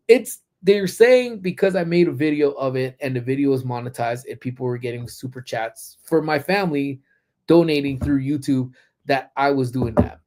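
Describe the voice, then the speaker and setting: Broadcasting from a parked car, this livestream host from Southern California has a medium-pitched, darkish voice. His stories are dotted with ums, and irritation turns him blunt and foul-mouthed.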